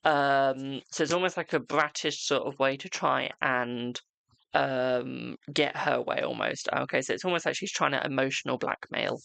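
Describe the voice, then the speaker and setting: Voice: mid-range voice, moderate pace, vocal fry, a bit bright, no room sound. A tarot reader chatting on a live stream at home, reading cards for viewers and calling them "my darling" between frequent laughs. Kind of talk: casual live-stream chat and card reading.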